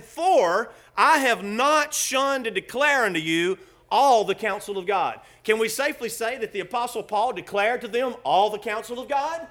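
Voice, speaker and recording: A man preaching with a strikingly high, bright voice. He drops to hushed, intimate asides, then rises to fervent shouts, with frequent laughter threaded through his delivery. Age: adult with children. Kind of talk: sermon.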